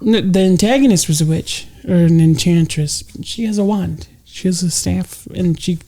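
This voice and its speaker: A man with a Mexican-American accent co-hosting a casual podcast, making wry, deadpan asides. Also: high-pitched, normal speed. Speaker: podcast co-host. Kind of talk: casual chat.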